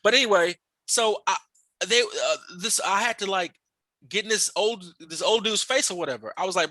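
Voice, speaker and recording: A man with a high, bright voice tells a long, rambling story in casual podcast talk. He swears a lot, restarts sentences and leans on fillers. The sound is close and dry. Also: normal speed, no echo. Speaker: podcast host interviewing a guest.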